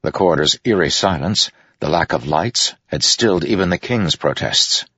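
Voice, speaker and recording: Super deep gravelly guy reading a fantasy audiobook, husky, dry and kinda dull sound. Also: animated, moderate pace, pushed and bright, dry recording. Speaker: audiobook narrator. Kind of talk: scripted fantasy narration.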